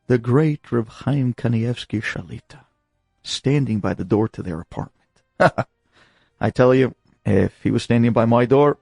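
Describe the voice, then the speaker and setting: A man telling an inspirational story with dramatic, animated delivery, slipping in Hebrew and Yiddish terms. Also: medium pitch, unhurried, vocal fry, dry recording, clean studio sound, faint music behind.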